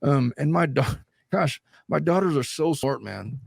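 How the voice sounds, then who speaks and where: Blunt, animated man, dry close mic. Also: fairly high pitch, a little slow, vocal fry, slightly rough, no echo. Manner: blunt and animated, swears freely. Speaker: lawyer and channel host. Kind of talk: casual podcast chat.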